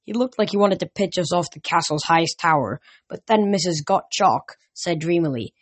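Brief: relaxed amateur story reader, even middle pitch, dry close mic. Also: moderate pace, no room sound. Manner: casual, with slips and restarts. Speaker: audiobook reader. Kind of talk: first-person story reading.

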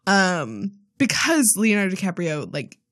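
Animated woman co-hosting a podcast. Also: on the low side, measured pace. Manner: animated, laughs often, acts out quotes. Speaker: podcast co-host. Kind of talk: casual chat.

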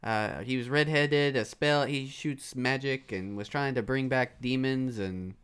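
A man's voice: medium pitch, measured pace, a bit bright, clean tone. A man playing a tabletop game, rambling loosely through his story with fillers. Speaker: player. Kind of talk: casual tabletop game play.

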